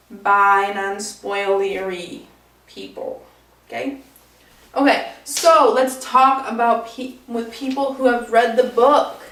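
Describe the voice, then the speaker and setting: A young woman chatting casually about a book she loved, gushing and excitable, with lots of "like" and "oh my gosh". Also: on the high side, far from the mic. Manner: gushing, excitable, heavy use of "like". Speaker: book vlogger. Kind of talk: casual book review chat. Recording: roomy echo, a bit off-mic.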